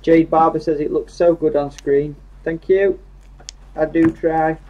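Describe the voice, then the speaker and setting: A man's voice: fairly high pitch, a little slow, highs cut off. A young man with a Yorkshire accent, casually reading live chat comments aloud and joking. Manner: jokey, reads comments aloud in a lively voice.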